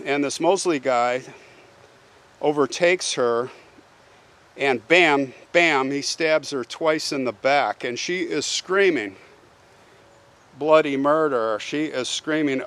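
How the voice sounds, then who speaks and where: A man's voice: fairly high pitch, fairly bright tone. Man telling a true crime story casually. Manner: conversational, asks the listener "right?".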